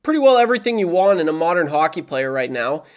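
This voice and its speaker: A man's voice: fairly high pitch, quick pace, smooth. A young man from Canada, a hockey vlogger and radio producer, ranting casually to camera with frustration and lots of repetition. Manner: animated, repeats himself, frustrated. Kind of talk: casual heated rant to camera.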